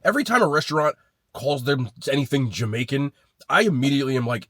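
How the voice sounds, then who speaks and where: A man's voice: mid-range voice, expressive, fast talker, fairly bright tone, no echo. A man reviewing chain restaurant sandwiches in a casual vlog, blunt and swearing freely as he rates them. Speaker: food vlogger.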